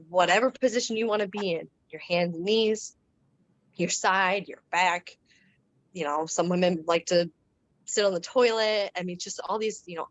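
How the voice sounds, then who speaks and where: A woman guest on a podcast, casually telling a personal story in a relaxed, chatty way with fillers and restarts. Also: lowish voice, dry recording, lo-fi sound.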